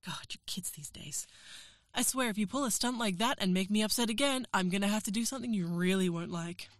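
A woman's voice: medium pitch, fast, dry recording, clean studio sound. A woman performing an erotic audio role-play as a professor, teasing, coaxing and giving orders.

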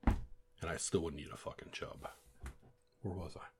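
A man's voice: very deep voice, fairly even intonation, moderate pace, noisy background. An American man doing a casual accent word-list challenge, profane and sardonic. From United States. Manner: profane, sardonic, swears constantly. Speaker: vlogger.

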